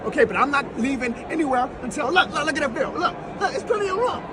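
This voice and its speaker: A man's voice: very high-pitched, expressive, fast talker, over a noisy crowd, pitched above the performer's own voice. A man playing a stubborn, stranded football fan who whines and pleads that he won't leave. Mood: stubborn whining. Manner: pleading, wailing, indignant.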